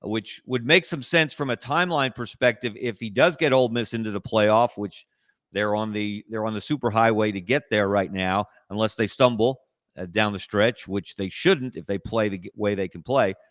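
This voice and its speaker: A man guesting on a sports talk show, making measured, analytical points over a video call in a casual discussion. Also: fairly low pitch, fairly bright tone, no room sound, clean studio sound.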